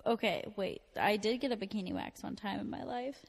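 Podcast co-host: young woman, vocal fry, giggly and self-deprecating. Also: mid-range voice, brisk. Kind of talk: casual chat.

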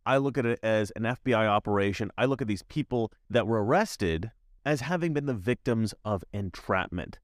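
A man giving opinionated commentary as a YouTuber, emphatic and repetitive, with animated asides. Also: fairly low pitch, no room sound, clean studio sound.

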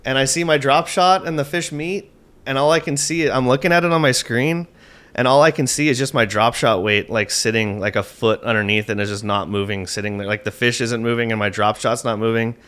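A man guest on a podcast, telling a tournament fishing story in an animated, excitable way, with lots of "like" and casual swearing. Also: medium pitch, fairly quick, smooth.

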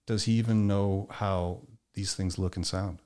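Deep-voiced man telling candid stories. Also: a little slow, clear, resonant tone. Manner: animated, swearing, acts out quoted voices. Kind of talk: candid conversational storytelling.

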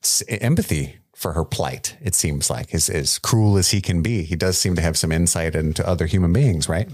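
A man's voice: deep voice, moderate pace. A man co-hosting a podcast, talking casually and animatedly about a TV episode, joking and swearing. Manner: animated, profane, jokey. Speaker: podcast co-host. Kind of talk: casual chat reviewing a TV episode.

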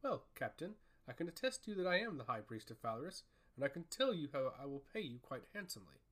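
A man voicing a proud woman high priest. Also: big pitch swings, fast, a bit bright. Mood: assertive. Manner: cool, formal and assertive.

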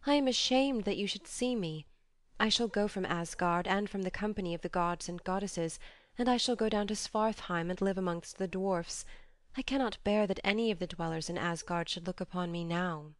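A woman's voice: medium pitch, moderate pace, no echo, natural voice. Shamed young goddess, pleading and tearful, dry audiobook sound; a woman reader voicing her. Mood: ashamed, pleading. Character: grieving young goddess, ashamed and sobbing.

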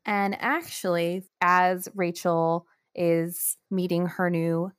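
A woman with a fairly low voice co-hosting a relaxed podcast chat, quick to giggle and tease. She talks over a call, and the sound is dry and close. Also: clear, resonant tone, no room sound. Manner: giggly, playful teasing. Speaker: podcast co-host.

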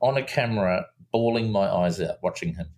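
A low, gravelly man tells a story in a relaxed interview. He talks animatedly, stops and restarts often, and jumps higher when he acts out what people said. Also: brisk. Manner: animated storyteller, acts out quotes in a raised voice, many fillers and restarts. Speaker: film director guest.

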